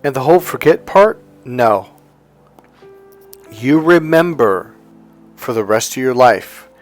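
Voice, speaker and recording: A man speaking as a life coach in an emphatic motivational monologue, blunt and forceful, swearing for emphasis and acting out other people's lines in a raised voice. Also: medium pitch.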